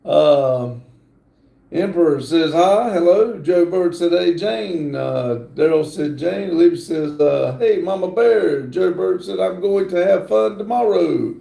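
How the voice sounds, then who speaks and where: A middle-aged man hosting a casual livestream, reading viewer comments aloud in a halting, apologetic way. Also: high voice, creaky, mellow. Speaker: livestream host. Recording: roomy echo.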